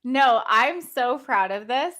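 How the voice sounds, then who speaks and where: Woman, snarky, deadpan, stream co-host, from connecticut, fairly high voice. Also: slow pace. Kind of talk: casual political chat.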